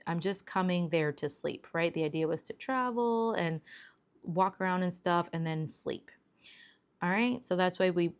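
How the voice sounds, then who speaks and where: Chatty lower-voiced woman vlogger. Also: smooth. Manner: chatty, rambling, many fillers and "like". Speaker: planner vlogger. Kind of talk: casual storytelling to camera.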